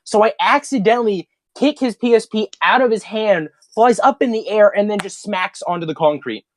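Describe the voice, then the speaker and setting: A young man, a podcast co-host, telling childhood stories in a casual, animated, profane way and laughing mid-story. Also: high-pitched, normal speed, a little hiss or hum.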